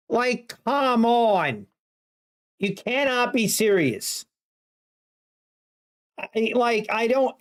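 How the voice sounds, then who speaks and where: A woman streamer chatting casually to her viewers, ranting in mock exasperation. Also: a little high. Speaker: livestreamer. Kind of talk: casual livestream chat.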